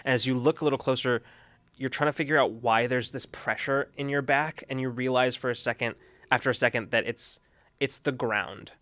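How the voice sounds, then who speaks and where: A man's voice: medium pitch, steady tone, fairly bright tone, no echo. Man narrating as game master, dry sound. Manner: halting, with many fillers and restarts.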